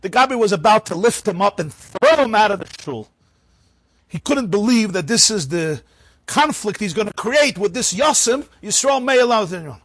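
A man telling an animated religious story, acting out the people in it. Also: sits high, moderate pace, breathy edge, no room sound. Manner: animated, acts out the characters.

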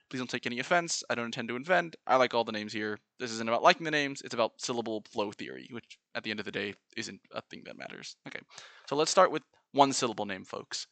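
Man, bright tone, earnest analytical explainer, playful, dry close recording. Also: medium pitch, dry recording. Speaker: video essayist. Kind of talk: explanatory monologue with sung examples.

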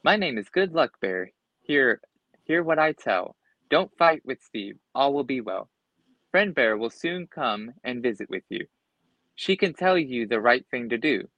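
A man voicing a cheery little green bear that speaks in slow sing-song rhymes, reading a storybook aloud. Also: mid-range voice, big pitch swings, fairly bright tone, dry recording, lo-fi sound, full character voice.

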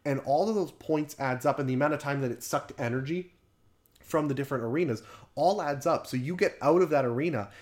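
A man co-hosting a casual podcast chat, animated, laughing often and swearing freely. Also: fairly high pitch, a little fast. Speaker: podcast co-host.

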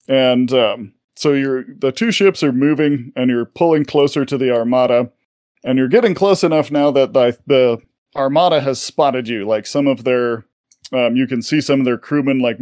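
A man's voice: medium pitch, moderate pace, a little mellow, dry recording, clean studio sound. A man narrating a tabletop game as game master, rambling with many fillers.

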